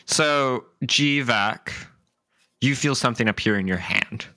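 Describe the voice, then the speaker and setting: Slow-narrating male game master. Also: medium pitch, bright, forceful tone, dry recording. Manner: unhurried descriptive narration with fillers.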